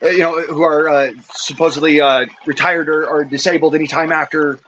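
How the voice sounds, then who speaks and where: Poor audio with a touch of hiss or hum carries a fairly high, steady, fairly bright male voice moving at a fairly quick clip. The speaker, an injured veteran a couple of beers in, furiously curses into his cell phone for an angry vlog, stammering through his restarts.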